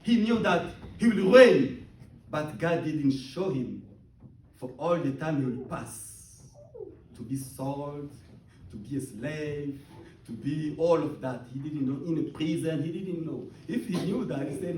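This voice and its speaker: A man preaching a sermon, emphatic and repetitive, swinging between loud outbursts and hushed near-whispers. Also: fairly high pitch, a little slow, roomy sound, distant mic, slight background noise, rough recording. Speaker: pastor.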